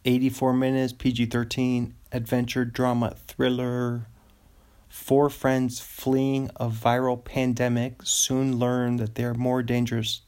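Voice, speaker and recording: A man hosts a solo podcast in a slow, gravelly voice. He rambles from one thought to the next and hypes up his own jokes. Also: medium pitch, fairly even intonation, darkish tone. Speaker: podcast host.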